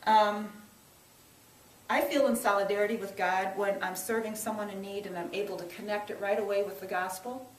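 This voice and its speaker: Speaking fairly quickly in a steady, medium-pitched voice, a middle-aged woman from church social service shares a personal story. She is earnest and reflective, with many restarts and emphatic rises. She's recorded from a distance in a roomy space with faint ambience.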